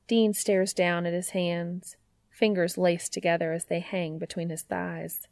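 Gravelly woman reading fan fiction. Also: on the low side, steady tone, unhurried, darkish tone, no room sound. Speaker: narrator.

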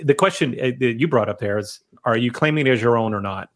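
A middle-aged man co-hosting a casual tech chat, animated and thinking aloud as he types. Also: medium pitch, quick pace. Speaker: co-host.

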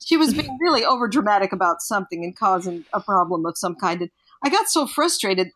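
A woman's voice: mid-range voice, very animated, fairly quick, a bit bright. Older woman telling parenting stories. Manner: reflective storyteller, acts out quoted voices. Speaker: parenting guest. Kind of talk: podcast conversation.

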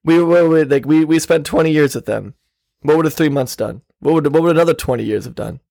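A man's voice: a little high, brisk, vocal fry, a little mellow, no room sound, clean studio sound. A man co-hosting a podcast, chatting casually, sarcastic and swearing freely. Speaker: podcast co-host. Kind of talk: casual chat.

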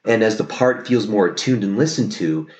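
A man's voice: lowish voice, animated, normal speed, a little mellow. A male therapist, a podcast guest, talking reflectively and explaining, often checking in with "right?". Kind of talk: podcast conversation. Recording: roomy echo.

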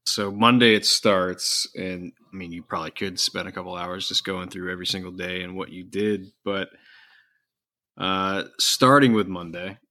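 A man co-hosting a podcast, asking questions in a relaxed, measured casual chat. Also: deep voice. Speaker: podcast co-host.

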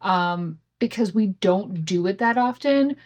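A woman in her thirties chats through a rambling family story on her solo podcast, frank and quick to curse, breaking into laughs between thoughts. Her voice sits at an ordinary middle pitch, and the home recording setup sounds a bit rough. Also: lively intonation, darkish tone. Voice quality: candid, swears freely, laughs often. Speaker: podcast host. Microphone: home podcast setup with imperfect audio.

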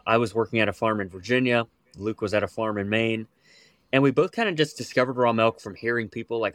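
Young man, guest, low voice, relaxed storytelling, dry sound. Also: dry recording. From United States. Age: young adult. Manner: relaxed, with frequent fillers and restarts. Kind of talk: casual storytelling interview.

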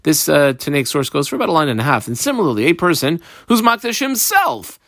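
A man teaches a Talmud page, moving phrase by phrase through the Aramaic and telling listeners which words to underline. His pitch rises and falls in a lively way, and the recording is dry and close, with no room sound. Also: quick pace, gravelly, dry recording. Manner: translates Aramaic phrases line by line, guiding page markings. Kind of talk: daily page study lesson.

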